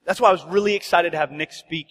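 Urgent high-voiced male preacher. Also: fast talker, a bit bright, big-room sound. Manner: urgent, conversational preaching with quoted dialogue. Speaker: pastor. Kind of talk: sermon. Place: church sanctuary.

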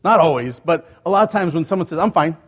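A man's voice: a little high, expressive, fast, big-room sound. A male pastor preaching a sermon in a church, talking to the congregation in a conversational way with rhetorical questions. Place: church sanctuary.

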